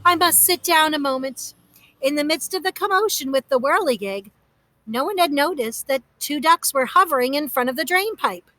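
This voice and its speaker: Woman reading a kids story aloud, high bright voice, dry close recording. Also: normal speed, no room sound. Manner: lively, expressive. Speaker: narrator. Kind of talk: storybook narration.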